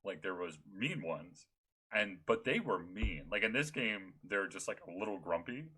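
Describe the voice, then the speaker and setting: A man's voice: low voice, animated, normal speed, a crowd in the background, poor audio. A man co-hosting a podcast in casual chat, rambling along with lots of restarts. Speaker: podcast co-host.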